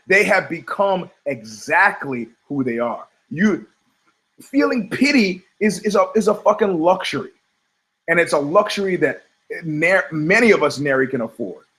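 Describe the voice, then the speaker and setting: Sardonic middle-aged man, fairly high voice. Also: a bit bright, poor audio. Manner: profane, sardonic, storytelling with quoted voices. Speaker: podcast host. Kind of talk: rambling comedic monologue.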